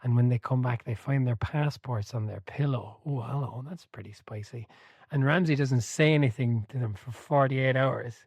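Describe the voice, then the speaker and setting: A man co-hosts a relaxed podcast chat about a football biography, with a voice in the usual middle range for a man. He tells stories with energy, laughing as he goes and swearing now and then. The sound is dry and close, with no room to it. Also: mid-range voice, moderate pace, slightly rough, no echo. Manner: animated storyteller, swears, laughs mid-sentence. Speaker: podcast co-host.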